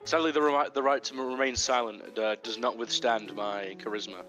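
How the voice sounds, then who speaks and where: A man's voice: medium pitch, fairly even intonation, brisk, a bit bright, faint music behind. A man chatting over voice chat while gaming, hamming up a joking detective act. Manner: playful, mock-detective bit. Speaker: Minecraft server player.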